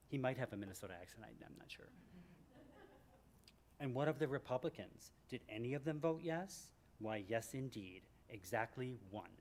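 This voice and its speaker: A man in his sixties from Michigan, reading from his memoir to a live audience in a library event room, animated and joking. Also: moderate pace, a little hiss or hum. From Michigan, USA. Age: 60s. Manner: animated and joking, with big swings in pitch and loudness. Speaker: author at a book event.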